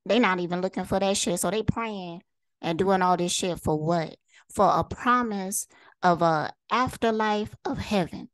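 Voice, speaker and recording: A woman's voice: medium pitch, normal speed, no room sound. A woman vlogger delivering a heated, profane monologue straight to camera, firing rhetorical questions and repeating lines for emphasis. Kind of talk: impassioned direct-to-camera monologue.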